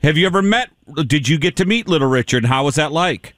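A man hosting a radio interview, asking enthusiastic, drawn-out questions. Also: fairly high pitch, expressive, fairly bright tone, no room sound. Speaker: radio host.

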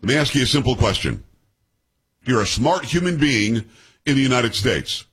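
A man's voice: medium pitch, big pitch swings, moderate pace, a bit bright, husky. A man in his sixties hosting a political talk radio show, blunt and sarcastic, quizzing his co-hosts and ranting at the news.

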